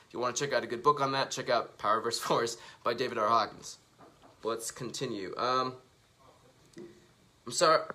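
A man's voice: mid-range voice, pushed and bright. A man telling a casual, profane, self-mocking story to the camera while reading out tweets. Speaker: vlogger.

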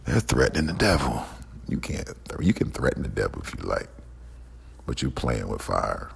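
Super deep raspy guy going off in an angry rant, lots of echo. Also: very animated, moderate pace. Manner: heated, profane, repetitive. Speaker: podcast host. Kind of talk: angry ranting monologue. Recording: long echoing reverb.

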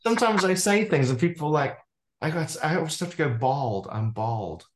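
A man's voice: on the high side, lively intonation, moderate pace, a little hiss or hum. Man futurist in a roomy echo. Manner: expansive, piles up examples, jokes about his own pronunciation. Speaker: futurist guest. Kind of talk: casual interview talk.

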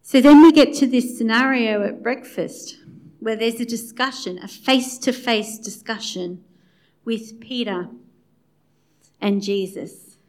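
A woman's voice: a little high, measured pace. A woman preaching a sermon in a conversational way, acting out the quoted dialogue as she goes. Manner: conversational, acts out quoted dialogue with swings in loudness.

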